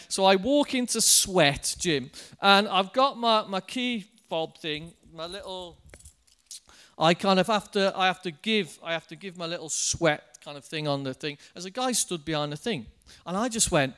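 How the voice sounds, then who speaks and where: A man preaching a sermon, telling a personal anecdote in a lively way and addressing the congregation directly. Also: on the high side.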